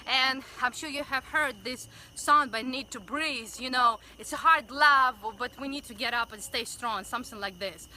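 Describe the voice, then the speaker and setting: A woman hosting a Facebook Live stream, chatting excitedly with viewers and leading a prayer of thanks. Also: high-pitched, moderate pace, hardly any pauses, a little hiss or hum, rough recording. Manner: excited, gushing, greets viewers by name. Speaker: community livestream host. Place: outdoors by a building, livestreaming. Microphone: phone livestream.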